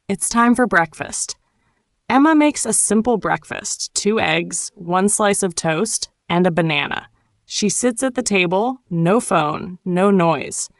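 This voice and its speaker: A woman teaching an English lesson, narrating a simple story and gently coaching learners to repeat words, with warm encouragement. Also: mid-range voice, no room sound, clean studio sound. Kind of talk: slow ESL lesson narration.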